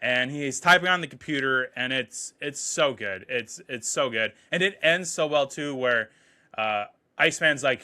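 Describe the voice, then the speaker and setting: A male film reviewer talking casually and with enthusiasm about his favorite scenes. His voice is strikingly bright and edgy. He swears often and retells moments in loose, excited paraphrase. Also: mid-range voice. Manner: excited, profane, quotes scenes in quick paraphrase. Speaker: movie reviewer.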